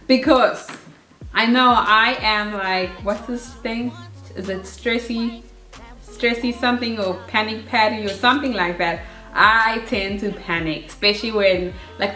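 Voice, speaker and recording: A woman's voice: mid-range voice, normal speed, soft background music. Chatty young woman, echoey. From South Africa. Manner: chatty, animated, acts out her own nervous past self. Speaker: vlogger. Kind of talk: casual advice vlog. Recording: echoey room.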